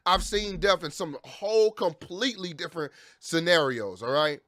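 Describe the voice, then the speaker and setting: Angry vlogger dad, high voice, dry close sound, profane rant full of restarts. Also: male voice, animated, moderate pace, bright, forceful tone, no echo. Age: adult with children. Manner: heated, profane, repeats and restarts phrases.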